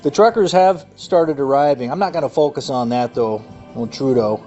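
A man hosting an activist livestream, talking in an excitable, rambling way full of fillers. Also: mid-range voice, normal speed. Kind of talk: excited casual monologue. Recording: muffled audio with faint music.

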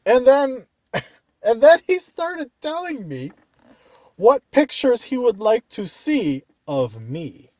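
A man telling a funny work story as a profane, exasperated rant, with animated delivery. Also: very high voice, slow, no room sound.

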